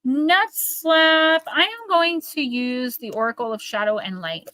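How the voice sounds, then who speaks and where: A woman's voice: fairly high pitch, sing-song, moderate pace, pushed and bright, no room sound. Chatty Northern New Jersey woman. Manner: chatty, rambling, talks straight to viewers. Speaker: oracle card reader. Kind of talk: casual live-stream card reading.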